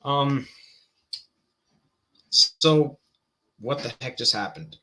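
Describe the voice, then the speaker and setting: Bright-voiced man reacting to a clip. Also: mid-range voice, drawn-out words. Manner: hesitant, many restarts and fillers. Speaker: Christian apologetics commentator. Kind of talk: casual reaction commentary.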